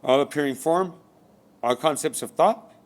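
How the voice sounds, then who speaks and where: A man's voice: fairly high pitch, moderate pace. A man delivering a rambling spiritual monologue, firing rhetorical questions and swearing often. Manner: profane, rhetorical, repeats questions. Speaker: spiritual speaker.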